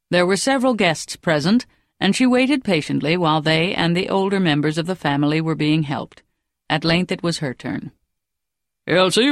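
A woman reading an audiobook in a measured, even narration. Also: lowish voice, no room sound, studio quality.

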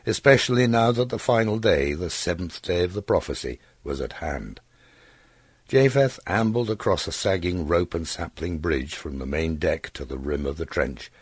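A man narrating an audiobook story in a steady, expressive way on a close studio mic. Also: extremely low pitch, breathy edge, no room sound. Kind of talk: scripted narration.

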